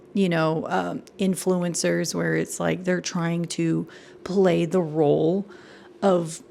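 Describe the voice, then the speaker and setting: Chatty woman with a gravelly edge. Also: lowish voice, slight background noise. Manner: chatty, animated, laughs often, drops into whispers. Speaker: performing arts commentator. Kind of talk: casual commentary. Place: home room.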